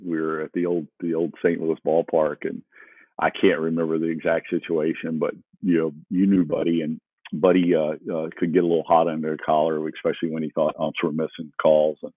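A man's voice: extremely low pitch, monotone, brisk, husky, no echo. A man, a former scout, guesting on a podcast, speaking hesitantly with many fillers over a call-in line. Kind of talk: casual interview chat. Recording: tinny phone-like call line.

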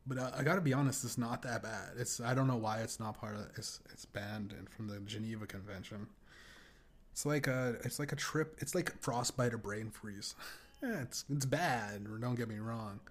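A man's voice: mid-range voice, moderate pace. Crude rambling man on a podcast. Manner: crude, rambling, laughs often. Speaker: podcast host. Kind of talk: casual podcast rant.

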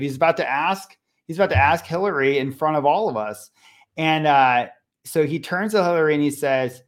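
A middle-aged man, a parenting coach appearing as a podcast guest, speaking conversationally and telling a family story with animated voices for each character. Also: on the high side, a little fast. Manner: animated, acts out voices in his stories.

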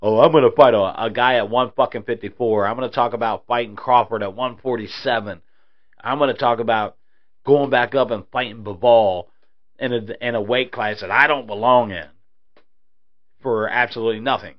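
Guy doing a smug dodgy champ voice, sneering, a bit loud, lo-fi sound. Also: mid-range voice, steady tone, normal speed, lightly acted. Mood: mocking. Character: smug evasive male boxing champion, mocked. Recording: dull lo-fi audio.

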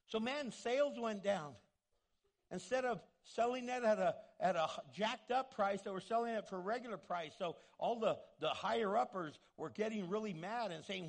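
A man's voice: high-pitched, normal speed. A man preaching a sermon, emphatic and full of repeated rhetorical questions.

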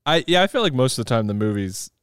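A man co-hosting a casual movie discussion podcast, talking in a thoughtful, halting way with frequent ums. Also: mid-range voice, big pitch swings, fairly bright tone, smooth, no room sound, clean studio sound. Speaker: podcast co-host.

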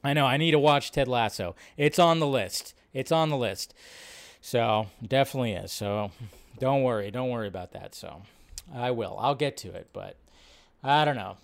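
A man's voice: medium pitch, gravelly. A man hosting a live film news show, chatting casually and reading headlines aloud with rambling asides. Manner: casual and quick, many fillers and restarts. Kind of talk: casual live-stream commentary.

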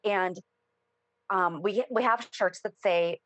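A woman's voice: mid-range voice, slow, a bit bright, no echo. Chatty woman co-host, dry sound. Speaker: podcast co-host. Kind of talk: casual chat.

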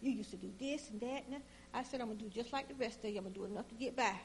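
A woman tells a personal story in a relaxed, chatty way. Her voice sits a little high and gets animated as she plays each side of the conversation. A faint hum runs underneath. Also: racing. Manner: animated, acts out both sides of the conversation.

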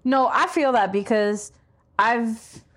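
A woman's voice: a little high, takes it slowly, fairly bright tone. A woman co-hosting a casual podcast chat, easygoing and teasing, laughing often. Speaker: podcast co-host.

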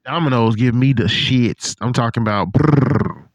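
A man hosting a casual chat, telling profane, animated stories and acting out what people said. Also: medium pitch, measured pace, dry recording. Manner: animated, profane storytelling with put-on quotes. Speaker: podcast host.

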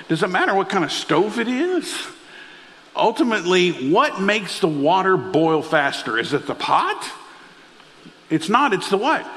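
Guy preaching a sermon, voice a bit high, long echo like a big church. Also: fairly bright tone. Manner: storytelling preacher asking the congregation questions. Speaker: pastor.

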